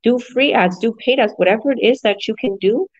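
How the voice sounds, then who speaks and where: A woman's voice: fairly high pitch, fairly quick, no echo, highs cut off. A woman business coach talking energetically in a casual group chat, rambling with fillers and restarts. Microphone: video call.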